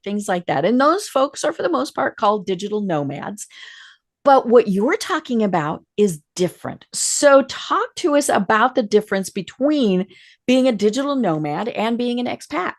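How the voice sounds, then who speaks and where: A woman's voice: fairly high pitch, very animated, moderate pace. A woman hosting a business podcast interview, chatting casually and murmuring agreement often. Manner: chatty, frequent affirming murmurs. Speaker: podcast host.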